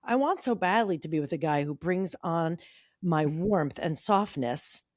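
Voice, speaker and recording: A middle-aged woman co-hosting a podcast, reading an old teenage journal aloud and acting out the quotes in a bright voice. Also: on the low side, animated, measured pace, no echo, studio quality. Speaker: podcast co-host.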